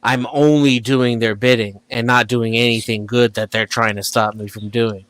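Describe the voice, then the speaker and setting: A man from Missouri in casual conversation, relaxed and hedging with fillers. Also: mid-range voice, moderate pace, no room sound. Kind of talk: casual chat.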